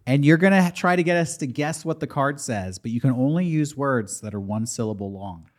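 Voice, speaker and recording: A man hosting a podcast and running an impromptu party game. He is brisk and practical, laying out rules and timers for the guest. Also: medium pitch, expressive. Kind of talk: casual podcast chat.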